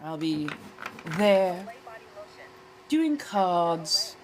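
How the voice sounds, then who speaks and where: A woman with a lowish voice chats on a livestream in an affected old-fashioned American accent. She is languid and theatrical, drawing out her words and calling her viewers darling. A faint hiss runs underneath. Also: big pitch swings, very slow. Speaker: livestream host. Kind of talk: casual chat.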